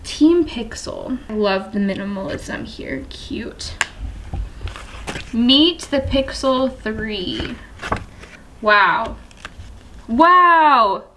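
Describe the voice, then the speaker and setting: A young woman vlogging an unboxing, gushing and breathless with excitement after a workout. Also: a little high, drawn-out words, pauses often, slight background noise. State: post-workout, catching breath.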